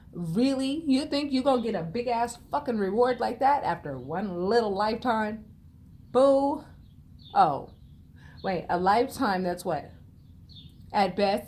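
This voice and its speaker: Sassy, profane woman tarot reader ranting. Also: a little hiss or hum. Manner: sassy, profane, swings from loud scolding to low murmurs. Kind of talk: blunt unscripted tarot vlog rant.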